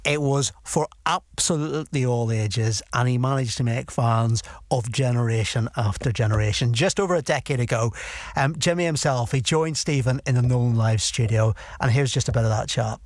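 A radio host talking conversationally between clips and guests, at a middling pitch. His studio sound is close and dry. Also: normal speed, no room sound. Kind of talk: radio presenting.

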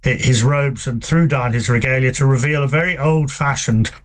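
Man, author guest, relaxed, halting, mid-pitched voice. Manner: relaxed, hesitant with many fillers, anecdotal. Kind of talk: conversational interview.

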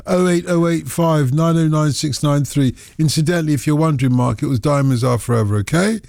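Radio phone-in host, man, higher voice, playful and teasing, dry close mic. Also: fairly quick, vocal fry, darkish tone, no room sound. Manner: playful, teasing, jokes with guests. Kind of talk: casual radio chat.

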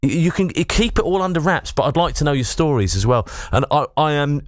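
Chatty radio host, lively pitch. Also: male voice, fast, hardly any pauses, no room sound, clean studio sound. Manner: chatty, jokey, rambling. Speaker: radio presenter. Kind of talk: casual on-air chat with phone-in. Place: radio studio. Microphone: studio mic.

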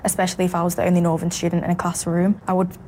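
A young woman with a Mancunian accent speaks thoughtfully and a little hesitantly. Her voice is lowish and flat, with faint ambient noise behind. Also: rapid-fire. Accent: Northern English, Mancunian. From Manchester. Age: young adult. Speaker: interviewee. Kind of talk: reflective interview.

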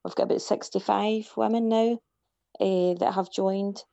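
A woman on a phone line, her low voice gravelly and mellow. She talks in a flat, earnest way, setting things out step by step. The line sounds dull and dry. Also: unhurried, no echo. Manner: earnest, explains in plain steps. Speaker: choir founder and hairdresser. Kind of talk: phone interview.

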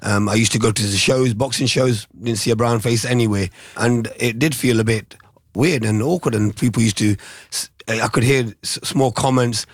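A man's voice: mid-range voice, fairly even intonation, normal speed, dry recording, studio quality. A middle-aged man, a former boxer, giving reflective interview answers with restarts. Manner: soft-spoken, reflective, with restarts.

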